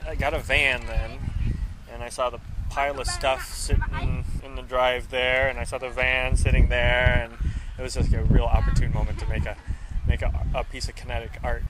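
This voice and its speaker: An enthusiastic, rambling man of middle pitch tells how his car came together. Steady outdoor noise sits clearly behind him. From Minneapolis area, USA. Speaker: art car owner. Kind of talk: casual interview outdoors.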